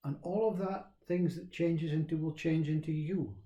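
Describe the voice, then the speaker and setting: A man teaching self-inquiry in a slow, repetitive, reflective way. His voice is fairly high for a man but very dark and mellow in tone. The recording sounds roomy and echoey. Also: fairly even intonation, muffled recording. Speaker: spiritual teacher. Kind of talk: spiritual talk on self-inquiry.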